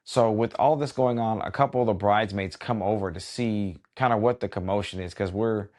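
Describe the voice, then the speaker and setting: Man, middle-aged, podcast host, relaxed storyteller, conversational asides, lowish voice. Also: brisk. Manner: relaxed and conversational, many "you know" asides.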